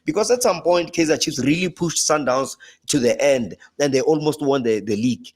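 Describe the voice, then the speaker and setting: Animated South African football pundit man. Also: a little fast. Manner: animated, pitch jumps high when laughing or exclaiming, frequent restarts. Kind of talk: casual chat.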